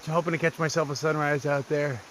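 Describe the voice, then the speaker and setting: A man's voice: a little high, fairly even intonation, fast, fairly bright tone, slight background noise. A man vlogging on a wooded mountain trail, telling stories in a blunt, profane, self-mocking way, a little out of breath from the climb. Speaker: solo thru-hiker vlogger. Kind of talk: casual vlog talk to camera.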